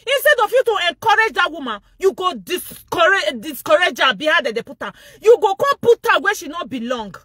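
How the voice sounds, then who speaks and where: A Nigerian-accented woman with a very high, bright, piercing voice hosts a gossip commentary vlog. Her pitch swings widely as she mocks and laughs loudly between phrases. The sound is close and dry. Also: very animated, brisk, hardly any pauses, dry recording. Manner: mocking, laughs loudly and often. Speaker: vlogger and show host.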